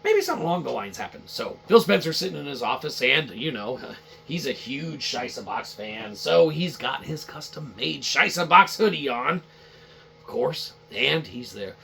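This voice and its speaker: A man hosts a casual game-review podcast, rambling and swearing as he circles back over the same points. His voice is gravelly with a bright, forceful edge. His pitch swings widely. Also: sing-song, moderate pace. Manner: rambling, profane, repetitive. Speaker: podcast host.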